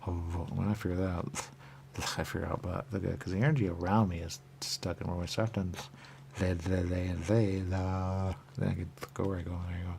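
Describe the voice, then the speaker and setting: A radio talk host, male, speaks in a low, gravelly voice with a brisk, flat delivery and a darkish tone, over slight background noise. His monologue rambles as a stream of consciousness, repeating the stock phrase "there you go" again and again and drifting off into whispers.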